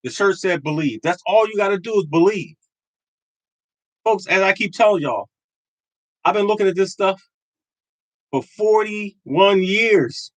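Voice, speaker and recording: High-voiced man pitching lottery tips. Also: normal speed, long pauses, no room sound, poor audio. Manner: emphatic and repetitive, preaching conviction. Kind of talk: live stream talking to chat.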